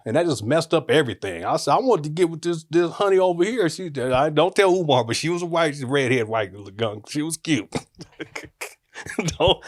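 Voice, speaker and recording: A man in his forties with a voice a little higher than most men. He talks frankly and jokes as he goes, rambling and breaking off into restarts. It sounds like a relaxed, off-the-cuff storytelling monologue.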